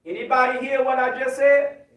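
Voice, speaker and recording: An American man, a minister, preaching a sermon with call and response, emphatic and rising to shouts. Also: very high voice, little pitch movement, normal speed, highs cut off. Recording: very echoey hall, distant mic.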